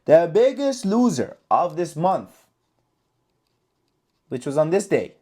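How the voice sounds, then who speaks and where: Male trading vlogger, talks fast and loose, swears, repeats for emphasis, lively pitch, slightly high voice. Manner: animated, profane, repeats himself for emphasis. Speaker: trading channel host. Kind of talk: casual trading recap vlog.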